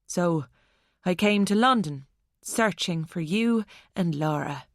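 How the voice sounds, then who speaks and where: A woman voicing an unhinged young woman who talks about murder with a mocking calm. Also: fairly low pitch, slow pace, dry recording, clean studio sound. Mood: bitter confession. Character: unhinged young Irish woman, cold and menacing.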